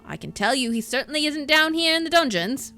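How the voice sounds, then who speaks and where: A woman voicing a gruff, taunting male ogre guard who talks roughly, calling people "lad". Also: high voice, expressive, fairly quick, over music, voice pushed up. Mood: blunt. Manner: rough, coarse speech with "oi" and "lad".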